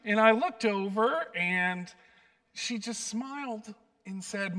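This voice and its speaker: A pastor with a drawl preaches slowly in a high, bright voice. He tells personal stories with a light, self-deprecating wit. The recording picks him up from a little way back from the mic. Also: expressive, far from the mic. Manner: warm storytelling, light self-deprecating humor.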